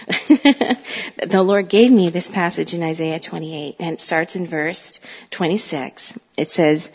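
A middle-aged mother telling a parenting story in a chatty way, laughing often, with a husky voice. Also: on the low side, in a large hall, dull audio. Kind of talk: casual storytelling talk.

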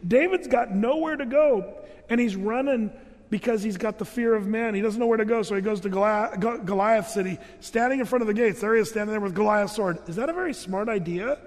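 A man delivers a sermon with a high, bright-toned voice. He tells the story with lively energy and slips into the characters' voices as he goes. His words ring out with a long reverb off the walls of a church hall. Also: brisk. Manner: storytelling, acting out voices with rising pitch. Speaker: pastor.

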